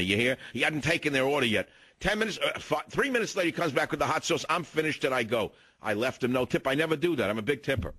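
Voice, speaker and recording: A man's voice: mid-range voice, fairly bright tone, dry recording. An older man hosting a talk radio show, telling indignant stories in a ranting, opinionated monologue into a studio mic.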